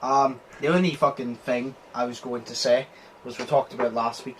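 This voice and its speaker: A man's voice: mid-range voice, steady tone, normal speed, slight background noise, rough recording. A man hosting a casual podcast, rambling through stories and swearing often. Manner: rambling, swears a lot, acts out quotes. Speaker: podcast host.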